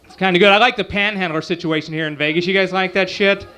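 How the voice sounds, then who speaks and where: A man's voice: high voice, steady tone, fast talker, bright, forceful tone. A man in his forties doing a profane stand-up comedy routine, talking casually with the crowd on a club stage. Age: 40s. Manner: profane, crude, conversational with crowd asides.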